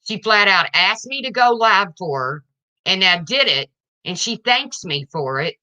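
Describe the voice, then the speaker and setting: A woman's voice: medium pitch, lively intonation, measured pace, sharp tone. A woman livestreaming to her viewers, ranting in an indignant, confrontational way and addressing them directly.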